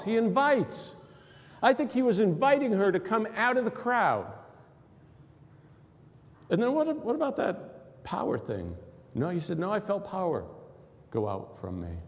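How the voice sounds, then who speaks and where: Animated male pastor in echoing hall. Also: high voice. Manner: questioning, animated preaching with acted quotes. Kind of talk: sermon. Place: church sanctuary. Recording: long hall reverb.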